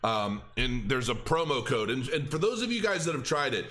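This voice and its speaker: A man's voice: mid-range voice, expressive, moderate pace, a bit bright. A middle-aged man hosting a crypto channel, rambling in a casual chat with restarts and filler words.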